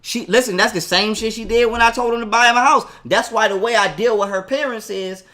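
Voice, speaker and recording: A young man telling a heated story in a profane, animated way and acting out what people said. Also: high voice, brisk. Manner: profane, animated, acts out quotes. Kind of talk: casual ranting story.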